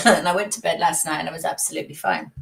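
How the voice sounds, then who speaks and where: A woman with a croaky voice from a coming cold, hosting a live stream as a psychic and chatting casually, greeting viewers by name and laughing often. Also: low-pitched, background noise. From United Kingdom.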